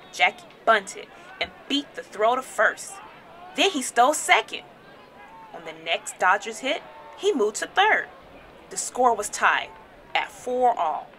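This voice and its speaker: A woman teacher reading a children's storybook aloud with expressive, animated storytelling. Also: medium pitch, a little hiss or hum.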